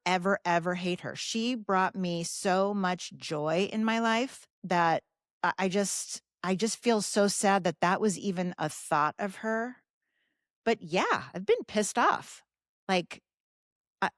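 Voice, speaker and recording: A woman in her fifties, hosting a podcast, talking candidly and emotionally about grief in a halting way, with frequent restarts and some swearing. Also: fairly low pitch, no room sound, studio quality. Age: 50s. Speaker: podcast host. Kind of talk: personal grief talk.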